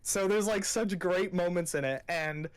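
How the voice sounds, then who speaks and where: A man's voice: high voice, unhurried, clear, resonant tone. A young man co-hosting a podcast, chatting casually and gushing with enthusiasm, swearing freely. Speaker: podcast co-host. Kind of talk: casual chat.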